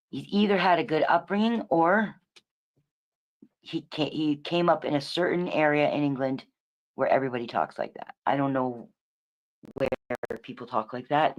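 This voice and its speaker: A woman's voice: a bass voice, moderate pace, muffled recording. Profane rambling woman livestreamer. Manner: profane, rambling, self-correcting. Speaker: livestream host. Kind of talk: casual ranting commentary.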